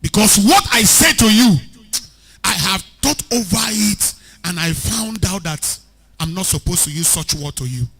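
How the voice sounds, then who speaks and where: A man preaching an animated sermon as a pastor, rising to shouts at times. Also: high-pitched, a little slow, slightly rough. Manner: animated preaching, shouting at peaks, mixing in Pidgin.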